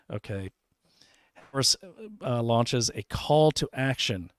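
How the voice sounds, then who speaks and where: Male host, mid-pitched, reads documents aloud with sarcastic asides, dry close recording. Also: darkish tone, no echo. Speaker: investigative show host. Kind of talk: online commentary while screen-sharing.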